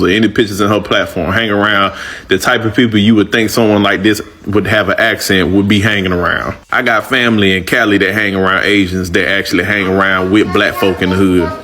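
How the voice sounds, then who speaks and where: Man, low-pitched, slangy and emphatic, casual reaction commentary. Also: fairly even intonation, fairly quick, fairly bright tone. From northern Louisiana.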